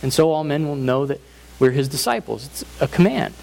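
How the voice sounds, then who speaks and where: A man's voice: on the high side, animated, brisk, vocal fry, a little mellow, rough recording. A man preaching a sermon as pastor, earnest and emphatic, building points through repeated phrases. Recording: faint hiss.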